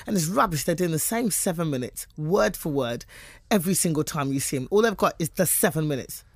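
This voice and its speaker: A woman's voice: sits low, expressive, a little fast, no room sound. A woman from England with a British accent, a comedian in a casual interview, talking in a brash, boastful, jokey way. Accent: British English.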